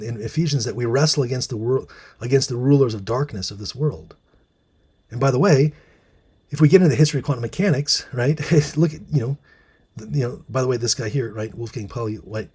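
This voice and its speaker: A man's voice: medium pitch, brisk, darkish tone, breathy edge. A man hosting a casual monologue, musing with many fillers and restarts and reading out bits of articles. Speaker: host.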